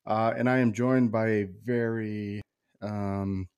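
A man's voice: fairly low pitch, fairly even intonation, slow pace, a little mellow, clean tone, dull audio. A man hosting a horror movie podcast in a laid-back, casual way, full of fillers and calling people dude. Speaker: podcast host.

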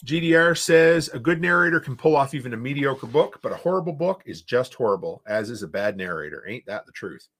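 Eastern Canadian guy, podcast host, mid-pitched, loose and rambling, reads chat aloud. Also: expressive, fairly quick, hardly any pauses, fairly bright tone. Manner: rambling, reads viewer comments aloud and reacts. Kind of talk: casual livestream chat.

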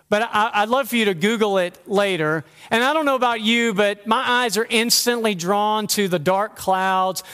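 A man's voice: high-pitched, fairly bright tone, clear, resonant tone. A man preaching a sermon as pastor, earnest and conversational, asking the listeners rhetorical questions. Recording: long hall reverb.

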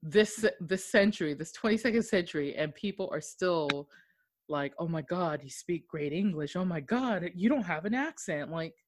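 A woman's voice: fairly low pitch, lively intonation, moderate pace. A woman from Okinawa, Japan, co-hosting a podcast in casual chat, blunt, swearing freely and laughing often. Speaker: podcast co-host.

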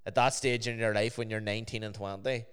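A man's voice: lowish voice, steady tone, fast, clean tone. A Scottish man in casual podcast chat, telling laid-back stories about old jobs. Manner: laid-back anecdotes, says "aye" a lot.

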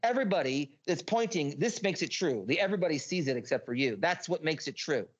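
A man's voice: fairly high pitch, lively intonation, fast talker, slightly rough, lo-fi sound. A man, a podcast guest, telling a rambling personal story, swearing freely and often restarting his sentences. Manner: profane, restless, restarts often.

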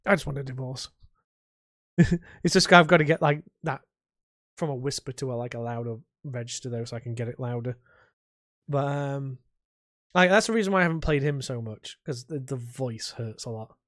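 A man co-hosting a podcast in a casual, rambling chat, full of halting restarts. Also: mid-range voice, fairly bright tone, no room sound, studio quality. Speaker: podcast co-host.

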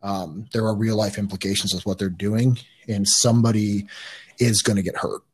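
A man's voice: fairly low pitch, fairly even intonation, moderate pace, darkish tone, husky. A man guest on a podcast, telling a story casually in a rambling way, with restarts and swearing.

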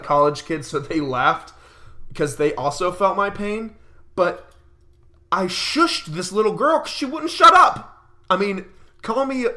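Young man ranting animatedly. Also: high voice. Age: early 20s. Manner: animated ranting, laughing often. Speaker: podcast host. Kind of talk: casual podcast monologue.

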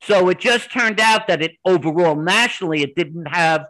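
A man being interviewed on a podcast, telling his stories animatedly in quick bursts with restarts. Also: high-pitched, bright, forceful tone, rough recording. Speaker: podcast guest. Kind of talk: conversational interview storytelling.

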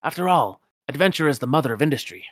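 A man's voice: mid-range voice, expressive, fast, fairly bright tone, dry recording, studio quality, pitched above the performer's own voice. A man voicing a stingy old Scottish cartoon duck millionaire, with a folksy brogue full of "ye" and "laddie". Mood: wheedling, chummy.

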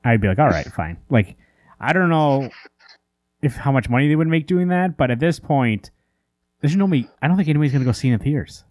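A man's voice: fairly high pitch, expressive, fairly quick, a little mellow, no room sound. Guy on a podcast mic going off in an exasperated rant, rambly and full of "like", dry close sound. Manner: exasperated ranting. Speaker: comic book podcast co-host. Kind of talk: casual chat.

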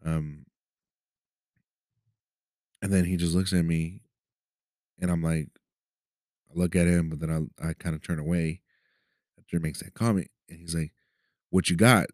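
This podcast host's low-pitched, mellow voice has a flat delivery, normal speed, and long pauses. He tells a personal story casually and profanely in Los Angeles, often asking "right?" conversationally. The clean studio sound has no room sound.

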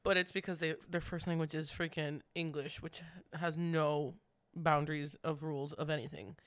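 A man co-hosting a podcast in casual chat, chatty and quick to laugh, with lots of fillers. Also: a little high, fairly even intonation, a bit bright, no room sound. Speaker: podcast co-host.

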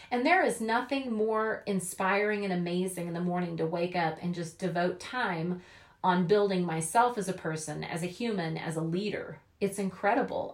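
A woman giving an upbeat, chatty motivational talk about network marketing, often acting out quoted voices. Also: on the low side.

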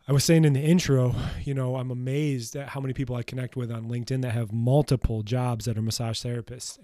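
A man's voice: mid-range voice, warm tone, no room sound, clean studio sound. A man hosting a solo podcast, talking bluntly and emphatically in a motivational way, with casual swearing. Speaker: podcast host.

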